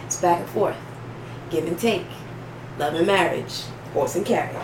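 A woman co-hosting a casual chat, blunt and laughing often, with sudden loud bursts. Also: on the low side, normal speed. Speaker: podcast co-host. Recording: roomy echo, distant mic, noisy background.

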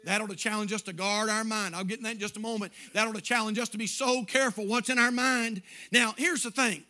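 Male preacher, very high and bright, emphatic sermon delivery with repeated refrains. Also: fairly even intonation, fast talker. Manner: emphatic, repeats refrains, reads scripture aloud. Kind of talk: evening church sermon.

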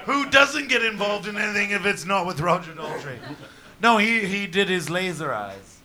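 A man from Canada telling crude comic stories in casual chat, loud and full of swearing and laughter. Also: high-pitched, lively intonation, moderate pace, a crowd in the background. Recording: live audience laughter behind. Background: audience laughing.

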